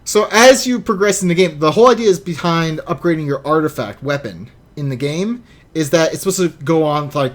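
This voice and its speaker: A man co-hosting a gaming podcast in easygoing casual chat. His voice sits a little high for a man. He laughs often and trips over his restarts. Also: lively intonation, brisk. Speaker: podcast co-host.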